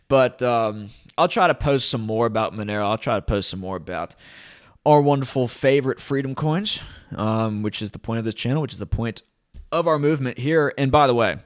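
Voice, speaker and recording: A man hosts his own vlog, talking straight into a desk camera. He rambles from point to point with loud, eager enthusiasm. His voice sits at an ordinary middle pitch. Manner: rambling, enthusiastic, hype-driven. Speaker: crypto channel host.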